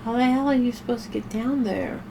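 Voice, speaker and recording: A woman's voice: fairly high pitch, steady tone, brisk, background noise. A woman streamer chatting casually while she plays a game, rambling and swearing offhandedly. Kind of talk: casual chat while gaming.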